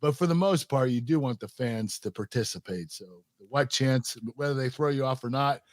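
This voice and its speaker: A man, a former wrestler, talking in a relaxed way on a podcast and laughing easily. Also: medium pitch, moderate pace, no room sound, studio quality. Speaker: former wrestler and show host. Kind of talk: casual interview.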